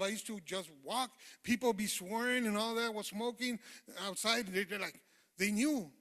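A man giving his testimony as a sermon, earnest, dropping quiet and then rising loud. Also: high-pitched. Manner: earnest, swings from hushed to loud. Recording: long hall reverb.

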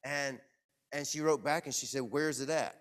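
A man preaching to his congregation, telling a personal story in a lively, self-mocking way. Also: mid-range voice, moderate pace, a little hiss or hum. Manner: animated, self-deprecating storyteller. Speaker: pastor. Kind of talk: sermon storytelling. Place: church.

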